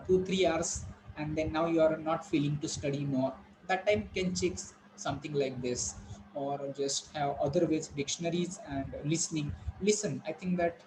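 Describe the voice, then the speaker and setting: A man's voice: on the high side, background noise. A man with an Indian English accent teaching an online class, explaining words and repeating them for students. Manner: instructive, repeats words, asks students questions.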